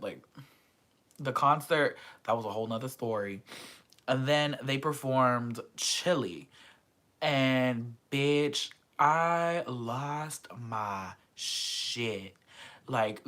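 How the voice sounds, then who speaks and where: A vlogger chatting casually and excitedly about a concert, full of slang and swearing. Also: mid-range voice. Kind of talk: casual chat.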